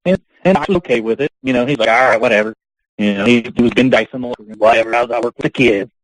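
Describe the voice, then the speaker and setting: Speaking fast in a mid-range voice, a pro wrestler guesting on a podcast rambles through long stories and laughs in between, casual interview style. There's no room sound, and the recording quality is low.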